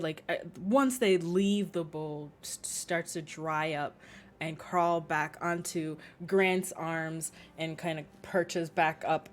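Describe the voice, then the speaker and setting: A woman's voice: on the low side, slight background noise. A young woman narrating a tabletop game as game master, hesitant with many fillers.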